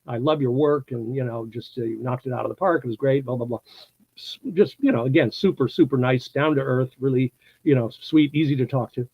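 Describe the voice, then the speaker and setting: A man in his sixties from the United States, an actor telling anecdotes in a casual interview, animated and laughing often, acting out what people said. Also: medium pitch, brisk, breathy edge, lo-fi sound. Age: 60s. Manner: animated storyteller, acts out quotes, laughs often.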